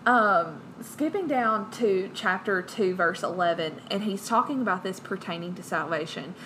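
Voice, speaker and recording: A woman's voice: mid-range voice, expressive, moderate pace, background noise. A woman co-hosting a casual Bible-study podcast, bubbly and joking, laughing often. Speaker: podcast co-host.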